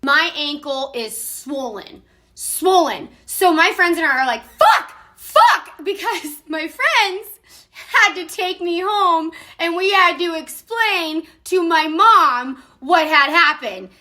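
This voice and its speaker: A woman in her thirties tells a casual story to camera, animated and quick to laugh. Her voice sits high and bright. She swears freely as she goes.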